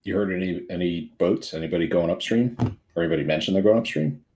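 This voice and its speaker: A man's voice: sits low, fast, warm tone. A man playing a tabletop game, asking questions in a friendly, inquisitive way as his character. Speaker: player.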